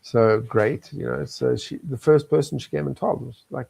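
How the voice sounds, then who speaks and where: A man's voice: mid-range voice, fairly even intonation, a little fast, gravelly, hardly any pauses, dark tone, husky, low-quality recording. An older man from South Africa, a talk show guest telling his life story in an earnest, chuckling manner. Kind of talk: candid interview talk.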